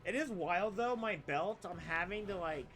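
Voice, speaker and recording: A man's voice: high-pitched, normal speed, background noise. A young man streaming a game, chatting casually in a rambling, crude, joking way. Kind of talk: casual live-stream chat while gaming.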